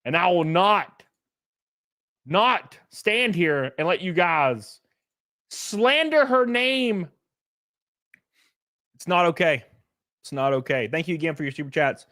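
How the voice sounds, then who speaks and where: A middle-aged man, hosting a casual livestream, joking loudly and reading out chat messages. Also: fairly high pitch, unhurried, dry recording, studio quality. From Alabama. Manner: loud, joking, reads chat. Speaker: streamer host. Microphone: headset.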